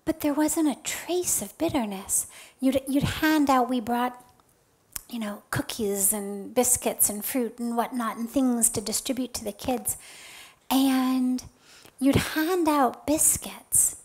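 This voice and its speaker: A woman spiritual teacher telling a story in a talk. She is soft and earnest, and her voice often drops to a breathy near-whisper. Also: fairly high pitch, takes it slowly, rough recording.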